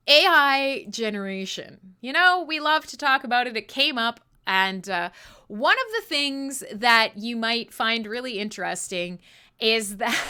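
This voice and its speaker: A woman with a fairly high, smooth voice hosts live metal radio. She talks with her listeners casually, animated and swearing, and keeps laughing at herself.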